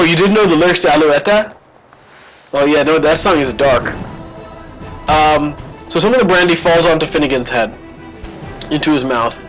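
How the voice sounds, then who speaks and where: A man's voice: fairly high pitch, fairly bright tone, poor audio. A man streaming a game live, chatting and rambling through a story between moves. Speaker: gaming streamer. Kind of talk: live gameplay commentary.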